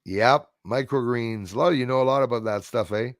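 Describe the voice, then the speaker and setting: A man's voice: mid-range voice, brisk, no room sound, clean studio sound. A man hosting a casual livestream chat, rambling and reading out viewer comments. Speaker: livestream host.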